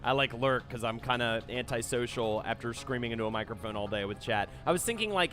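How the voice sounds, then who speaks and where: A man streaming a game live, chatting casually and excitably and swearing freely. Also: medium pitch, quick pace, hardly any pauses, soft background music. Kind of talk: casual live game commentary and read-along.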